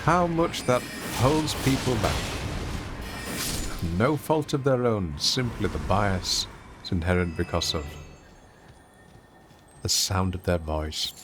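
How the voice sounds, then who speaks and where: A man's voice: fairly low pitch, takes it slowly, pauses often, music in the background. A man with an English accent giving wry, theatrical commentary while streaming a game. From England. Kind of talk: casual gameplay commentary.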